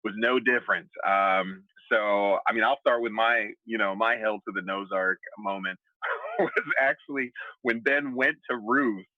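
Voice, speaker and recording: A man's voice: fairly low pitch, a little slow, no echo. Guy cohosting a tv recap show, laughs a lot, kinda dull dry lo-fi sound. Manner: laughs often, acts out characters' lines. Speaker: aftershow co-host. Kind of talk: casual TV recap chat.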